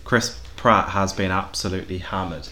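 Low-voiced man, chatty host. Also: fairly even intonation, normal speed, sharp tone. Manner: rambling, repeats words while gathering thoughts. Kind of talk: casual chat.

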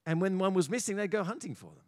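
An Australian man preaching a sermon as pastor in a church, animated and often repeating small words as he builds his points. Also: high voice, fast talker. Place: church auditorium.

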